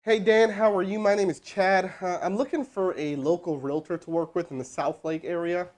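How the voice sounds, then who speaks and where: Energetic man running a sales lesson. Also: high voice, normal speed. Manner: energetic, joking, talks to chat. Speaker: sales trainer. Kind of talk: live teaching session with role-played calls.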